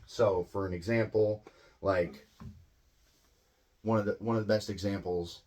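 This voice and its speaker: A man with a Midwestern American accent teaching English in a relaxed, conversational way, often checking in with tag questions. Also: deep voice, measured pace, long pauses. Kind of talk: casual explanatory lesson.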